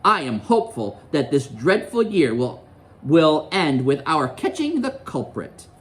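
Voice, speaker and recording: A man's voice: on the high side, big pitch swings, measured pace, a bit bright. A man voicing a strict older woman professor making a formal announcement while reading a storybook aloud to a class.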